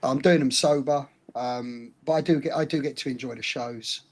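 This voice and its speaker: Medium in pitch and somewhat dark in tone, a middle-aged man keeps a steady delivery at normal speed. He co-hosts a laid-back podcast, laughing a lot and swearing mildly as he tells stories bluntly.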